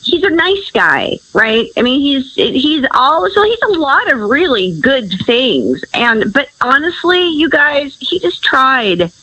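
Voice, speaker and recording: A woman's voice: high-pitched, big pitch swings, slow, few pauses, bright, forceful tone, no room sound, poor audio. A woman calling in to a radio show, talking in a rambling, hesitant, giggly way. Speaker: caller. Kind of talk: casual phone conversation.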